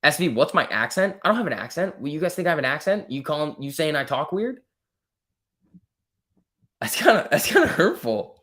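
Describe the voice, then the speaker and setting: A man's voice: medium pitch, fairly bright tone. Chatty man hosting a live stream. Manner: chatty, reads viewer comments aloud and answers them; joking, lightly teasing. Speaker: livestream host. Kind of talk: casual live-stream chat.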